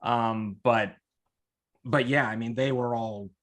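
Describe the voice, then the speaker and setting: A chatty podcast man with a mid-pitched voice tells a story with lots of energy. He stumbles over his words and restarts, then slips into quick put-on voices when he quotes people. His background in theater shows in how he plays things out. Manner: animated storyteller who acts out quotes with many restarts; theater-trained. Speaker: podcast co-host reporting on a trip. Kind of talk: casual chat.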